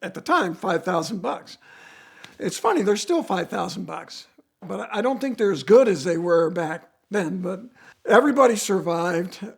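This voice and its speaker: High-voiced man telling a racing story. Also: normal speed, vocal fry, slightly rough. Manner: animated storytelling with swings in pitch and volume. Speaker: guest storyteller, racer. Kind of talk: casual anecdote.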